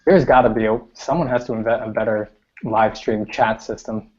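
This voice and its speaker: A man's voice: on the low side, moderate pace, darkish tone. A man from New York, a guest artist on a podcast, chatting casually and giving brief, dry replies. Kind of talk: casual live-stream chat. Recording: dull lo-fi stream audio.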